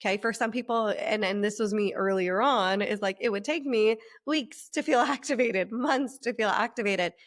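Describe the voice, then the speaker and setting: A woman business coach talking fast and excitedly, laughing and acting out quotes with big jumps in her voice. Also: mid-range voice. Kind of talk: casual podcast chat.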